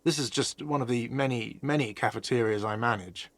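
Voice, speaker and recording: A man's voice: mid-range voice, a little fast, a bit bright, no room sound, lightly acted. Game role: a man playing an irritable middle-aged cafeteria manager, touchy and dry-voiced. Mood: grumpy. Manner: defensive, irritable, snippy. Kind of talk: video game voice acting.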